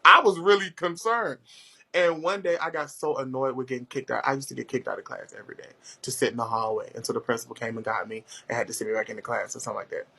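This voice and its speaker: A man hosting a casual chat, telling stories in a loud, profane, animated way with big jumps in pitch. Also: fast talker, gravelly, breathy edge. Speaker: host.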